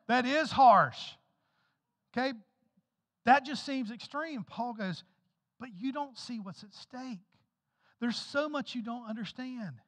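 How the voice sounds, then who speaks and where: Pastor, male, high-pitched, conversational but emphatic sermon delivery, reverberant sanctuary sound. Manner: emphatic, conversational preaching with repeated phrases. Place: church sanctuary.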